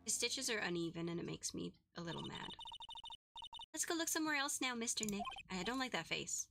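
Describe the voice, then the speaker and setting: Squeaky little girl, sweet and eager, lively, woman reading her over game music. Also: brisk, vocal fry. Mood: uneasy. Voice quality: squeaky, high.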